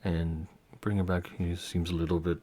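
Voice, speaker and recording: A man's voice: sits low, flat delivery, moderate pace, warm tone. A man narrating as game master of a tabletop game, rambling with many fillers and restarts.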